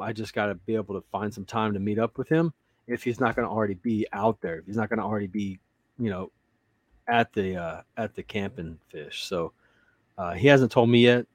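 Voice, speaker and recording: A man's voice: fairly low pitch, a little fast, no room sound. A man co-hosting a podcast, casual chat, telling stories in a laid-back way and swearing freely. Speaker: podcast co-host.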